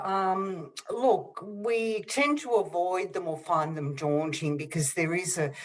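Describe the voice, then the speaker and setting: An Australian woman with a low voice explains on a webinar panel. She pauses on fillers as she works through her points. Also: low-quality recording. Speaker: panelist on conflict resolution. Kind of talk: webinar discussion.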